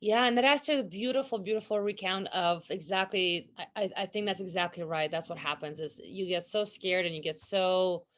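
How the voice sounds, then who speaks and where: A woman's voice: on the low side, fairly quick, hardly any pauses, fairly bright tone. A woman hosting a podcast, responding to her guest in an affirming, reflective way. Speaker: podcast host. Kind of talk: casual interview chat.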